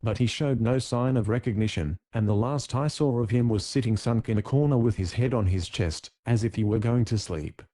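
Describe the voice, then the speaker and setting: A man narrates an audiobook from a script, his mellow, relaxed voice sitting at medium pitch. He holds an even, measured pace throughout the story.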